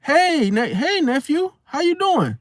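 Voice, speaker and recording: A man's voice: very high-pitched, big pitch swings, a little slow, no room sound, pitched above the performer's own voice, heavily acted. A man voicing a sweet-talking middle-aged aunt who coaxes guests inside with pushy hospitality. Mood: coaxing. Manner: sugary, coaxing, pushy hospitality.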